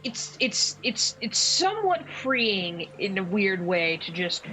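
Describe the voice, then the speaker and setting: A woman game master narrating a tabletop roleplaying scene at an easy, slow pace. Her voice sits mid-pitch with a faint hiss of background noise. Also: sing-song, sharp tone, poor audio. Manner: unhurried, with many fillers and restarts.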